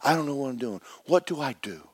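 A man's voice: medium pitch, animated, fast, husky, no echo, clean studio sound, pitched above the performer's own voice. A man doing a lost pleading little creature. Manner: pleading, repeating himself.

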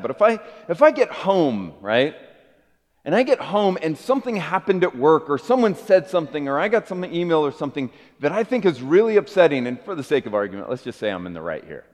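Man preaching in a reverberant hall. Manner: earnest, builds to emphatic rises with soft low drops. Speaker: pastor. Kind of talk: sermon.

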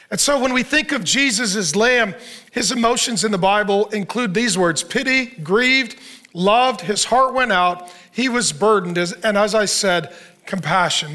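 A man's voice: sits high, bright, forceful tone. A man preaching a sermon as pastor, punchy and joking, firing rhetorical questions at the audience.

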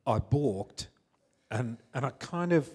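A man telling a personal testimony, halting and rambling with many restarts. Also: mid-range voice, animated, a little mellow, husky. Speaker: congregation member.

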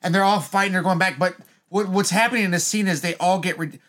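Brief: man on a casual movie podcast, rapid and excitable, swears freely, acts out scenes. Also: high-pitched. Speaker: podcast co-host.

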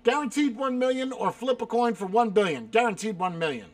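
Very high-pitched and fairly quick, a South Carolina man voices viewer questions on a casual stream chat and answers each with a blunt, sweary single word. There's no room sound, and he lets out exasperated outbursts.

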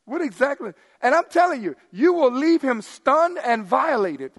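A middle-aged male pastor preaching in a high-pitched, lively voice. He swings between loud, emphatic bursts and quiet, hushed asides. His sermon rings out with a long reverb, as in a church sanctuary. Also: normal speed, hardly any pauses.

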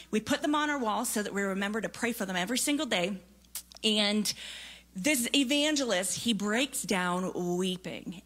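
A woman preaching a sermon, telling a story in a lively, conversational way with casual fillers. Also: medium pitch.

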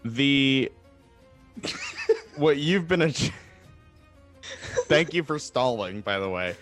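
A man's voice: medium pitch, lively intonation, takes it slowly, a bit bright, faint music behind. A man narrating as game master of a tabletop game, in a loose, rambling way with many fillers.

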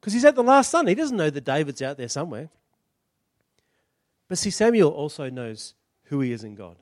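High-voiced preacher telling a story. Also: male voice, moderate pace, no room sound, clean studio sound. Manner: animated storytelling, acting out characters. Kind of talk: sermon.

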